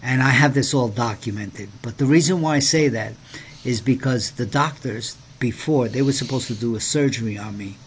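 A man talks with a middle-pitched voice, earnest and personal as he shares a testimony on a casual faith podcast. He restarts his sentences often as he goes, over a faint hum in the background. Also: moderate pace. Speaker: podcast co-host and preacher.

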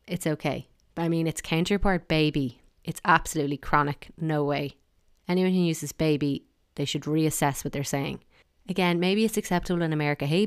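A woman's voice: low-pitched, clear, resonant tone, no echo, clean studio sound. An Irish woman talking casually and wryly, giving her opinions in a chatty monologue.

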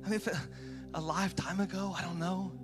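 A middle-aged man delivers a heartfelt sermon in a high voice. He tells his story in hushed tones, then builds to impassioned shouts. Faint music plays underneath. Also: steady tone, fast talker. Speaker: guest preacher.

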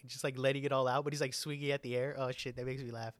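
A man's voice: medium pitch, little pitch movement, fast talker, no echo. A man in casual chat with a friend, rambling, swearing often and filling his talk with "like". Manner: rambling, swears a lot, fills with "like".

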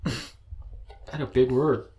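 A man's voice: medium pitch, flat delivery, slow, muffled recording, slight background noise. Guy cohosting a comedy podcast, cusses constantly, goofy story voices. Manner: profane, acts out silly voices in stories. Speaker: podcast co-host. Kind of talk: casual comedic chat.

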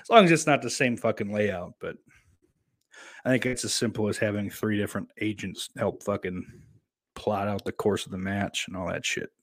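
A man's fairly low voice comes through cleanly with no echo as he talks at a moderate pace. He's hosting a livestream indoors at home, loosely chatting, swearing freely and reading out what viewers post.

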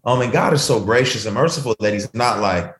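A man's voice: medium pitch, fairly quick, fairly bright tone, slight background noise. A man speaking as a guest in a casual chat, reflective and easygoing with slangy asides. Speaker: guest artist. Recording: roomy echo.

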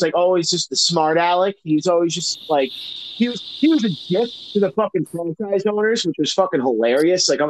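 A man's voice: fairly high pitch, slight background noise, rough recording. A young man from Massachusetts, telling a story in casual chat, rambling and swearing freely, with many fillers and restarts.

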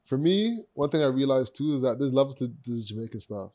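A man co-hosting a podcast, telling stories in relaxed casual chat. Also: medium pitch, a little fast. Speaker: podcast co-host.

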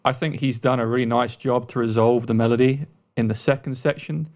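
A man's voice: mid-range voice, fairly even intonation. Podcast guy in a middle voice, likes the song a lot, keeps stumbling over his words. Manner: warm praise, halting starts and repeated words. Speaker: podcast co-host. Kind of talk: casual chat reviewing songs.

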